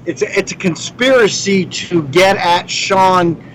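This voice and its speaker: A man's voice: high-pitched, unhurried, a bit bright, poor audio. A man who is a pastor co-hosting a live outdoor radio broadcast, with dry, wisecracking humor. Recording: outdoor broadcast with crowd noise.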